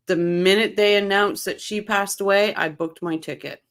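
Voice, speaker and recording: A woman's voice: mid-range voice, fairly even intonation, normal speed, fairly bright tone. A woman from Ontario hosting a casual livestream, chatting with viewers by name and laughing often. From Canada, Ontario. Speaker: livestream host reading viewer chat.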